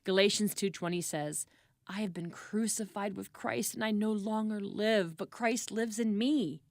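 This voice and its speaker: A woman's voice: medium pitch, measured pace, no room sound, studio quality. A woman leading an earnest, reverent spoken prayer. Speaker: prayer leader.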